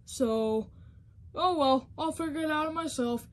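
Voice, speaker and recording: A woman voicing a forgetful, easygoing male diesel engine with a slightly gravelly voice. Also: high-pitched, unhurried.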